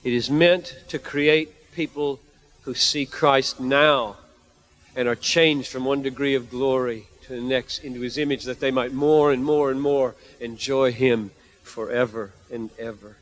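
A man's voice: medium pitch, fairly even intonation, a little slow. A man preaching a sermon, reading scripture and building to emphatic, repeated outbursts. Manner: emphatic, repetitive, rising to fervent outbursts.

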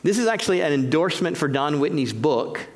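A man preaching a teaching sermon, emphatic and conversational, slowing down to stress key phrases. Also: fairly high pitch, animated.

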